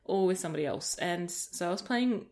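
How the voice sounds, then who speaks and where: A rambling, laugh-prone woman talks over her gameplay in a relaxed, chatty way. Her voice sits a little low for a woman, and she drifts easily from the game into long anecdotes, close to a desk mic. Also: fairly quick. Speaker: gaming video creator. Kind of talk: casual let's-play chat.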